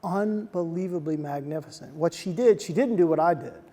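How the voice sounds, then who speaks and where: A man giving a motivational talk to soldiers, telling stories in an animated way and dropping to a soft hush at emotional moments. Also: a little high, normal speed. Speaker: speaker addressing soldiers. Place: large hall on a military base. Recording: long reverb of a large hall.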